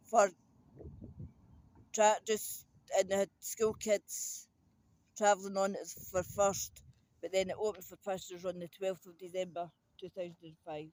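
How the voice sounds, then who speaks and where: A man's voice: high-pitched, a little mellow, low-quality recording. A Scottish man chatting outdoors at a train station and listing dates one after another. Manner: reels off dates, short replies. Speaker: local passer-by. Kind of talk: casual chat.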